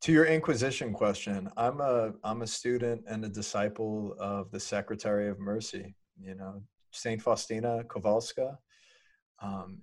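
A man, a priest co-hosting a podcast, talking in an effusive, emotional way. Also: lowish voice. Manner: effusive and emotional, excited exclamations. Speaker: priest co-host. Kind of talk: casual podcast chat.

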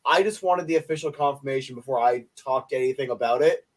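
A man's voice: mid-range voice, fast talker. A young man co-hosting a podcast in casual chat, joking around and laughing often. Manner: playful, laughs often, jokey. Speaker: podcast co-host.

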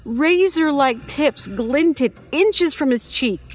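A woman narrating a first-person horror story in an expressive, measured storytelling manner. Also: sits high.

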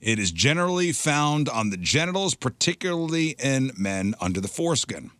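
Laughing radio host man, lively pitch. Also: moderate pace, dry recording. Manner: reads a segment aloud with laughing asides. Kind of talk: casual morning radio banter.

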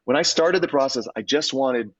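A male actor tells stories from his career in a chatty interview. He is animated and expressive, doubling back on phrases as he goes, and laughs easily. The recording is dry and a little muffled. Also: medium pitch, moderate pace, no echo. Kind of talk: conversational interview storytelling. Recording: slightly dull, dry audio.

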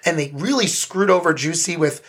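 Man, podcast co-host, husky voice, enthusiastic, restarts often, casual review chat. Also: a little high, brisk, fairly bright tone. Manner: enthusiastic, thoughtful, many restarts.

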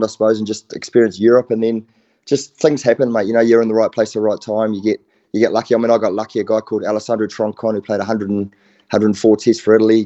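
In a casual phone interview, a middle-aged former rugby player with a New Zealand accent talks as a laid-back guest, saying "mate" a lot. His voice is lowish and warm, with the highs cut off.

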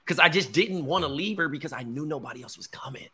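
A man's voice: a little high, animated, fast, bright, forceful tone, slightly rough. A man in his thirties, a podcast co-host, telling a personal story in casual chat, full of slang and swearing. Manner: candid storytelling, heavy slang and profanity.

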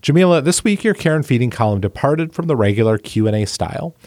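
Lively-voiced man hosting a podcast. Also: mid-range voice, quick pace, dry recording, clean studio sound. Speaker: podcast host.

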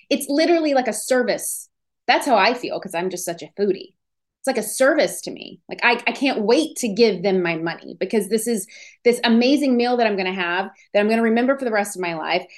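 A woman hosting a podcast, giving an energetic, emphatic motivational talk on business and selling. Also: on the high side. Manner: energetic, emphatic, acts out inner voices. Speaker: podcast host.

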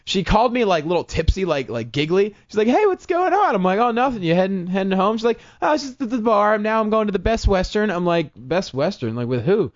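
Animated man telling a self-mocking story. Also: high-pitched, fast, few pauses. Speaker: comedian guest. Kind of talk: casual storytelling chat. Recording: dull lo-fi podcast audio.

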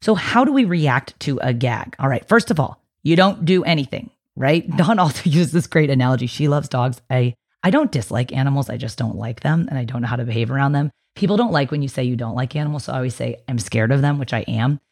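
A woman's voice: lively intonation, brisk, hardly any pauses, darkish tone. A woman hosting a podcast, chatting in a reassuring, explanatory way about feeding babies. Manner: chatty and reassuring, slips into a high sing-song baby voice for quotes. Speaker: podcast host, feeding specialist. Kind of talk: casual explanatory podcast talk.

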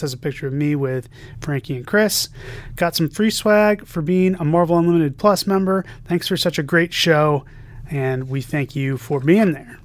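Recorded with no echo, a man with a fairly high-pitched voice co-hosts a podcast. He reads out messages from listeners and makes fun of them in relaxed conversation, giving each quote a playful, jokey emphasis.

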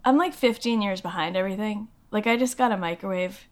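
A middle-aged actress from Massachusetts, chatting as an interview guest, self-deprecating and full of fillers. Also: female voice, medium pitch, brisk. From Lexington, Massachusetts. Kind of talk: casual interview chat.

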